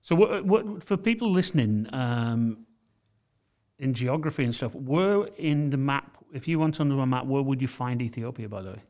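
A man's voice: medium pitch, animated, moderate pace, a little mellow. A man from the United Kingdom, chatting casually as a podcast co-host and telling long, rambling stories full of restarts. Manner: rambling storyteller, many restarts and fillers. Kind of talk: casual chat.

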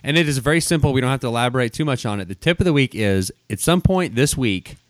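A man co-hosting a podcast, running segments with easygoing, quick patter. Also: mid-range voice, animated, dry recording. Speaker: podcast co-host. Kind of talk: casual chat.

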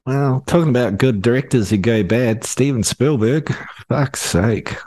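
A man's voice: medium pitch, a little slow, a little mellow, dry recording. A man co-hosting a casual film review chat, blunt and sweary. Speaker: podcast co-host.

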